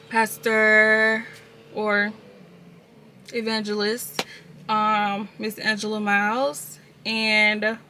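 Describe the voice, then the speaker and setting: A woman's voice: on the high side, sharp tone, slight background noise. A woman vlogger speaking candidly and casually, telling viewers about her own life in a personal confessional video. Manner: candid, casual storytelling, addresses viewers directly.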